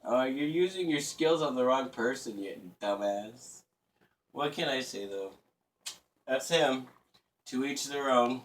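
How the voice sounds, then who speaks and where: A man's voice: medium pitch, lively intonation, slow pace, pauses often. Profane, rambling man, off-mic. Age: 30s. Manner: crude, profane, rambling, sarcastic. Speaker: vlogger. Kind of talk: casual rambling rant. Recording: voice a bit distant from the mic.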